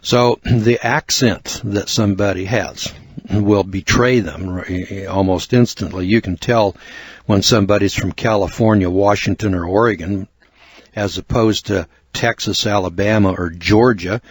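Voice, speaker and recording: An older American man reads and explains a book review in an earnest, measured lecturing manner. His voice sits on the low side and is recorded close and dry, with no room sound. He talks steadily, pausing now and then for asides. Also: fairly even intonation, slightly rough, no echo. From United States. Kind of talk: spoken book review narration.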